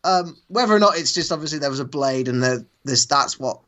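A man co-hosting a podcast in casual chat, relaxed and amused, rambling a little as he talks. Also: on the high side, brisk, slight background noise. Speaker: podcast co-host.

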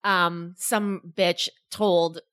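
A young woman co-hosting a casual chat, telling animated stories, swearing freely and acting out what people said. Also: fairly low pitch, drawn-out words, clean tone. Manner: animated storyteller, swears freely, acts out quotes in raised voice.

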